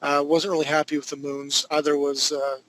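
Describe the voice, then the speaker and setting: A man's voice: a little high, flat delivery, brisk, a bit bright, slight background noise, low-quality recording. A man teaching a live concept-art class, chatting casually and rambling through jokey stories and asides.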